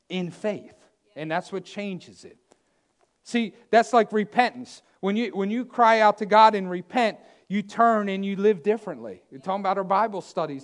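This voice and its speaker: A high-pitched male preacher repeats himself emphatically, his sermon moving back and forth between loud statements and soft, hushed remarks.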